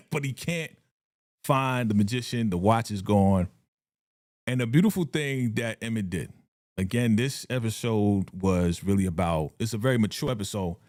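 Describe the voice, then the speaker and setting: A man hosting a casual live reaction stream about a TV episode, talking in an animated, slangy way and laughing often. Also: lowish voice, normal speed, no room sound, clean studio sound. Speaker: TV show reaction livestream host.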